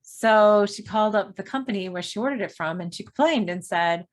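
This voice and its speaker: A woman's voice: mid-range voice, brisk. A woman giving a spiritual self-help lesson in a casual, meandering way, often adding "right?" and "you know". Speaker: spiritual teacher.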